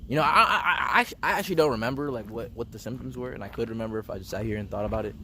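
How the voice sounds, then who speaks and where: A man's voice: mid-range voice, very fast, pushed and bright, a little hiss or hum. A young man talking in a casual, rambling personal monologue, full of slang and filler words. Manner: slangy, rambling, says bro and dude a lot. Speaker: self-improvement vlogger.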